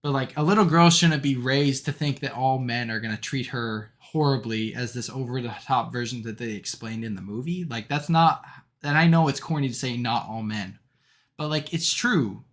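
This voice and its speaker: A man's voice: medium pitch, moderate pace. A young man co-hosting a podcast, talking through a movie in a rambling, casual way with lots of fillers and laughs. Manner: rambling, many fillers, laughs while recounting jokes. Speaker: podcast co-host. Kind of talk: casual movie review chat.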